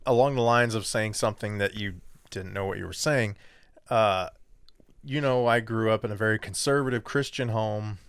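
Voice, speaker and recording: Male co-host, low-pitched and low-key, even delivery; dry close mic. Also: normal speed, clean tone, no echo. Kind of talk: casual chat.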